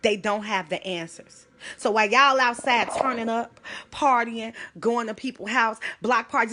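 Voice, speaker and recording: A woman's voice: fairly high pitch, moderate pace, noisy background. A woman speaking on a live stream, urgent and pleading, close to tears. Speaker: livestreamer. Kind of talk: emotional live stream address.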